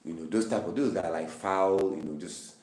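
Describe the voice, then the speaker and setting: A man with a deep, slightly mellow voice leads a Bible study at normal speed, reading verses aloud and explaining them through repeated, emphatic phrases. The recording sounds roomy, from a distant mic.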